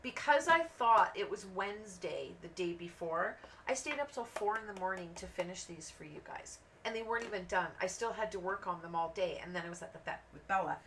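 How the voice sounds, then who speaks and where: A woman's voice: medium pitch, fairly quick, few pauses. A woman hosting a craft channel, chatting and telling rambling stories while she colors, acting out the voices of the people in them. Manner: rambling, animated anecdotes with acted-out quotes. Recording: voice a bit distant from the mic, faint background noise.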